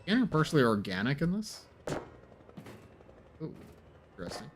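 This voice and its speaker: A man's voice: fairly high pitch, very animated, normal speed, a little hiss or hum. A man streaming a game, musing aloud in a rambling, hesitant way. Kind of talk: casual gameplay commentary.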